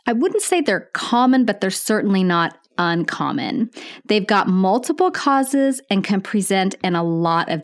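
A woman nurse hosting a podcast, speaking slowly and calmly as she explains things. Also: medium pitch. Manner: slow and calm. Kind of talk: calm educational podcast talk.

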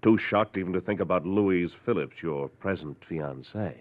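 A man's voice: sits low, moderate pace, natural voice. An actor playing a stubborn small-town male druggist who confronts a man, in 1940s radio acting. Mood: accusing. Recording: thin lo-fi old radio recording.

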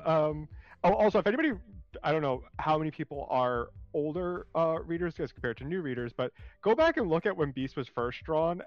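A man co-hosting a casual comics discussion, animated and searching for words. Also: on the high side, dry recording, highs cut off. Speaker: co-host.

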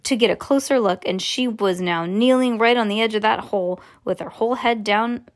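A woman reading a children's book aloud to a child, expressive with small slips and self-corrections. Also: fairly high pitch, normal speed.

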